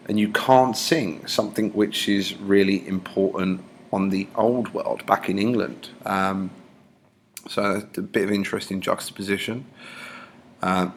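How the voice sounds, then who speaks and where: A male teacher explains a novel to his class in a relaxed, casual way, his low voice gravelly with fry. A faint hum of room noise sits under the lesson. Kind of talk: classroom lecture.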